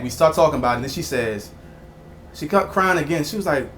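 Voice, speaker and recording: A man, chatting casually and telling a story as a father, acting out quotes in a higher voice. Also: fairly quick, a little hiss or hum. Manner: animated storyteller who acts out quotes in a higher voice. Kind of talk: casual podcast conversation.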